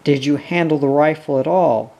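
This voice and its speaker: A reader voicing a curt male police sergeant asking brisk questions. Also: mid-range voice, creaky, warm tone, natural voice.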